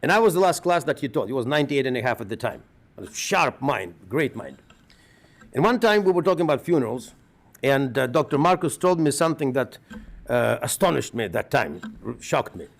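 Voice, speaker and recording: Middle-aged man, Russian accent, rabbi, funeral eulogy, earnest, measured, mid-pitched voice. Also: sing-song, gravelly. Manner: earnest, measured storytelling with restarts.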